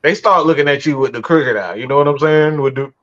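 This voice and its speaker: Talking fast in a fairly bright voice that sits on the high side, a sports podcast host rants through a live post-game reaction show. He swears heavily, sounds exasperated, and keeps stammering into restarts, all over dull lo-fi stream audio.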